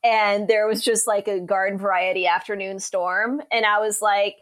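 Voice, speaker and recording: A lively woman guest recounting stories from her life on a podcast. She talks casually, laughs through her anecdotes and acts out the voices of the people she quotes. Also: medium pitch, moderate pace. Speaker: meteorologist guest. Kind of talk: casual storytelling interview.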